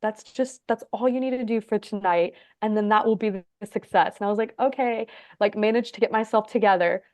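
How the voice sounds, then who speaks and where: A woman in her thirties from Egypt and Texas, telling her story as a podcast guest in a chatty way, full of "like" and quick laughs. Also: medium pitch, darkish tone, clear, resonant tone, no room sound. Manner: chatty, lots of "like", laughs often. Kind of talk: casual storytelling interview.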